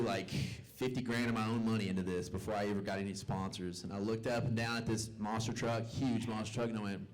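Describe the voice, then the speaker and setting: A young Southern American man does stand-up storytelling in a comedy club, loose and self-mocking while acting out the people in his stories. His voice is lowish and steady, and he talks briskly with few pauses.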